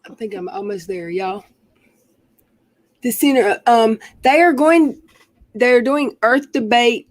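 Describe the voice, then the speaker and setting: A woman's voice: on the high side, takes it slowly, no room sound. A woman from North Carolina, hosting a live stream and chatting casually in a rambling way with lots of fillers. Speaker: stream host.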